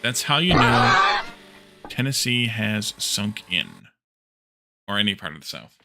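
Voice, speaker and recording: Bright-voiced man chatting through a game stream. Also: fairly low pitch, measured pace, vocal fry. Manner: relaxed, thinks aloud while crafting, reads and answers chat. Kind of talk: casual gameplay stream chat.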